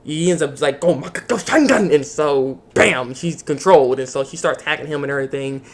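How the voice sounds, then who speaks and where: A man's voice: mid-range voice, fairly even intonation, a little fast. A young man casually recapping an anime episode for his video channel, rambling with lots of fillers. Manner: rambling, filler-heavy storytelling. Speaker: anime reviewer.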